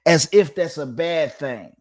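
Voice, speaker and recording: A man with a fairly high-pitched voice hosts his own channel, speaking directly to his audience. He lectures emphatically, hammering the same points again and again as he addresses his listeners head-on. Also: expressive, measured pace, a little mellow. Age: adult, father of two. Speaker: channel host giving dating commentary. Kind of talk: direct-to-camera monologue.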